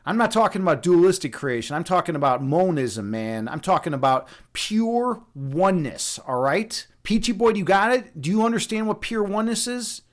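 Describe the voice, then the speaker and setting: High-voiced rambling joking man. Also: animated, normal speed, hardly any pauses. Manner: rambling, joking, absurdist, lots of fillers and restarts. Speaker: livestream host and meditation instructor. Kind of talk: casual livestream chat with viewers.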